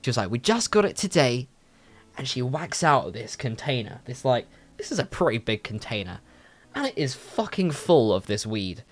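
A young man, telling a story in a casual, animated way and swearing freely. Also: moderate pace. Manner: animated, swears a lot, jumpy pitch. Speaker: vlogger.

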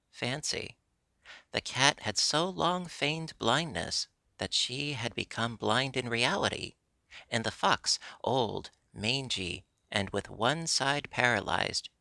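A man narrating a classic storybook in a steady, measured way. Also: medium pitch, vocal fry, no room sound. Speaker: audiobook narrator.

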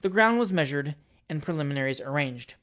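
A reader narrating a classic novel at a measured pace, with a wry, dry touch. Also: medium pitch, lively intonation, fairly bright tone. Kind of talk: audiobook reading of a classic novel.

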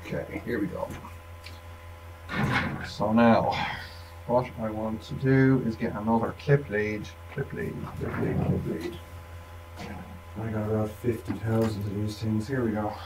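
A man's voice: on the low side, little pitch movement, unhurried, pauses often. A man thinking aloud at a workshop bench, rambling casually with wry asides as he demonstrates electronics work. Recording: distant mic with faint room noise.

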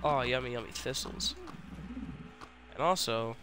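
A man's voice: medium pitch, measured pace, music in the background, rough recording. A young man streaming a survival game, joking with his viewers and talking to the bugs on screen. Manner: jokey, talks to his viewers and to the game creatures. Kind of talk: live gameplay commentary.

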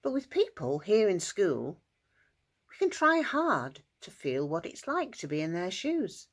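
A woman narrating a children's story at school worship in an expressive, sing-song way. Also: fairly low pitch, measured pace.

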